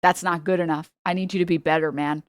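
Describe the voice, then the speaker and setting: A woman's voice: on the low side, steady tone, quick pace, no room sound. Fiery, swearing young woman streamer. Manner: fiery and profane, stumbling restarts. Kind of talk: heated live-stream reaction.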